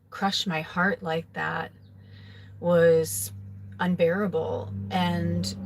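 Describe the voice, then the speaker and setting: A woman who reads tarot, telling a personal story in a casual, rambling, emotional way, full of "like" and "you know.". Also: on the low side. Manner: rambling, filler-heavy, with frequent "like"; emotional, confessional. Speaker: psychic tarot reader.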